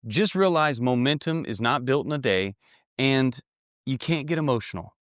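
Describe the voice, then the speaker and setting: A man's voice: mid-range voice, clean tone, dry recording. Blunt male business coach, folksy, repetitive delivery, dry room. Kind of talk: motivational talk to camera.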